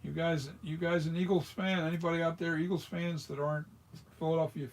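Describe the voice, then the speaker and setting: With a high-leaning voice, flat delivery, and brisk pace, a man from the United States demonstrates mask making in a workshop. He rambles casually through the hands-on tutorial, restarting frequently.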